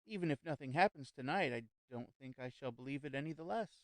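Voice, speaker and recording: A man voicing a young gentleman who speaks in a composed, lightly amused way. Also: medium pitch, lively intonation, fast talker, no room sound, lightly acted. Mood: calm. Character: young gentleman, calm, wry and unshaken.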